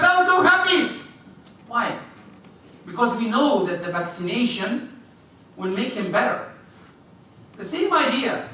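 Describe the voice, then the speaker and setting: A man preaching a sermon in a mosque, animated, acting out little scenes and putting questions to his listeners. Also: high voice, normal speed, long pauses. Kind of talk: sermon to a congregation. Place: mosque prayer hall. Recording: echoey hall, distant mic.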